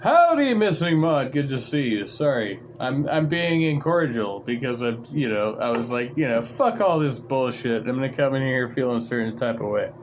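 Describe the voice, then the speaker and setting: A man's voice: medium pitch, big pitch swings, moderate pace, few pauses, slight background noise. A man hosting a livestream, ranting in an irritated, profane, sarcastic way. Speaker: livestream host. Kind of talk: casual livestream rant.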